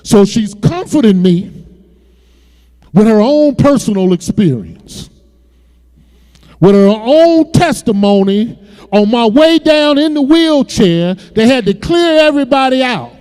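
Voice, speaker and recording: Man preaching, very high voice, emotional testimony, repeats words, long church reverb. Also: animated, unhurried, darkish tone. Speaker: pastor. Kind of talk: sermon testimony. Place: church sanctuary.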